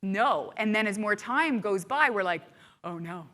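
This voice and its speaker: A woman giving a motivational keynote talk to a live audience, animated and often asking the room rhetorical questions. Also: mid-range voice, normal speed, in a large hall. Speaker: keynote speaker.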